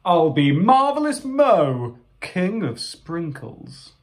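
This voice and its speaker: A man voicing an eager, restless young male raccoon hero in a storybook, with bouncy, dramatic, drawn-out exclamations. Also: sits high, big pitch swings, voice pushed up, exaggerated voice. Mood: boastful.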